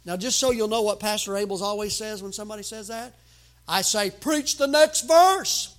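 Pastor, male, high-pitched, emphatic sermon delivery that swings from quiet asides to loud outbursts. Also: fairly even intonation, quick pace. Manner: emphatic preaching with sudden loud outbursts and humor.

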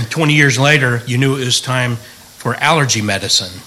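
Joking, bright-voiced man teaching a Bible class. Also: medium pitch, normal speed, a little hiss or hum, low-quality recording. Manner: folksy and joking, asks the room questions. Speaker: pastor.

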